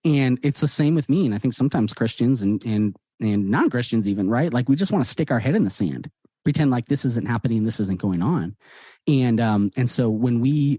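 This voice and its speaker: Animated male storyteller, dry sound. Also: on the low side, dry recording. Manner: animated, acts out quoted dialogue. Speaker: guest author. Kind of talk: conversational storytelling.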